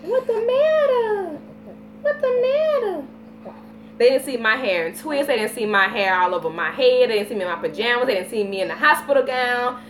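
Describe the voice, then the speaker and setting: A woman in her thirties with a Southern US accent, chatting casually on a live vlog, telling stories with lively baby talk. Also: fairly high pitch, fast, few pauses, slight background noise. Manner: animated storytelling with playful baby talk. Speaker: vlogger.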